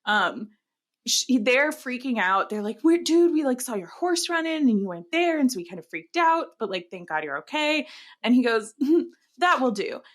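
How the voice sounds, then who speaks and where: A woman's voice: fairly high pitch, big pitch swings, normal speed, fairly bright tone. A young woman co-hosting a podcast, chatting casually with many "like"s and "um"s and frequent laughter. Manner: chatty, lots of "like" and "um", laughs often. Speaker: podcast co-host. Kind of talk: casual chat.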